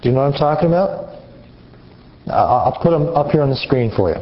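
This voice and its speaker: A man preaching an interactive sermon, animated and questioning his audience. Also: a little high, fast. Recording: muffled lo-fi recording.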